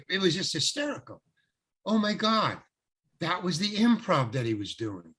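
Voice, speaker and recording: This older guest actor has a high, very animated voice, slightly bright with a breathy edge, at normal speed. He meanders through show-business stories in relaxed talk, often starting over and performing the dialogue he quotes.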